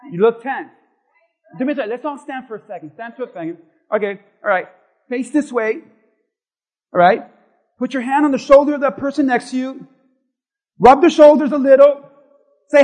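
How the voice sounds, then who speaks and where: Pastor guy with a really high voice preaching to his church, yelling some bits then going quiet and chatty. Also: a little fast, long pauses, rough recording. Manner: swings from loud shouting to quiet chatty asides with the congregation. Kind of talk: sermon. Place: church sanctuary before a congregation.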